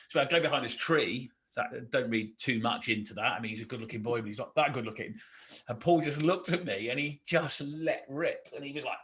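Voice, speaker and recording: A man's voice: medium pitch, fast. A man co-hosting a podcast, telling army stories in a chatty, self-mocking way. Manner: chatty, animated when quoting, self-mocking. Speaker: podcast co-host, ex-army officer. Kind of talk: casual conversational storytelling.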